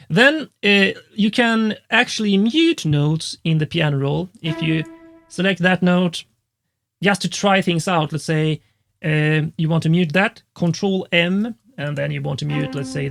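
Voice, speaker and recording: High-voiced man with a gravelly creak. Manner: casual step-by-step demonstrating with frequent fillers. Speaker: music composer and educator. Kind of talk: screen-recorded software tutorial.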